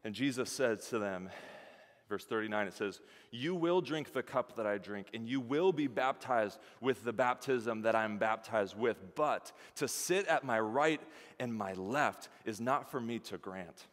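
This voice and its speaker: A man preaching a sermon as pastor, lively, acting out the voices of the people in his story. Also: mid-range voice, measured pace. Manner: animated, acts out voices of the disciples and Jesus. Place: church sanctuary. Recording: church hall reverb.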